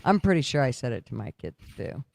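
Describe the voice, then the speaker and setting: A man's voice: medium pitch, big pitch swings, brisk, gravelly, a little mellow, slight background noise. A man telling family stories in a chatty, casual podcast conversation, laughing as he talks. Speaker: podcast co-host. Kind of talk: casual storytelling chat.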